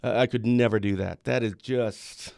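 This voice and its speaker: A man's voice: medium pitch, steady tone, moderate pace, gravelly, a little mellow, clean tone, no room sound, clean studio sound. A young man from the Midwest hosting a casual live-stream interview, joking and asking rambling questions with many restarts. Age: young adult. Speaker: host.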